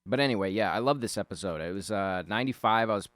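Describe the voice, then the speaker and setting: A man's voice: lowish voice, fast talker, fairly bright tone, no room sound. A man rambling casually and profanely as he talks over his drawing, chuckling often. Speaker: artist talking over a drawing.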